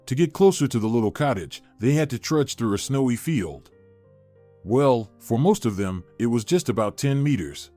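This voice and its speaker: A man narrating a family story in a steady storytelling manner. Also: mid-range voice, normal speed, faint music behind. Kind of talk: scripted narration.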